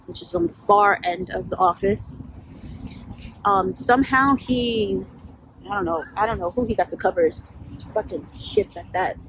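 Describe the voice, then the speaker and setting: A woman's voice: mid-range voice, noisy background. A woman vlogging outdoors, telling a candid, profane story in a casual storytime style full of fillers. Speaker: vlogger and life coach.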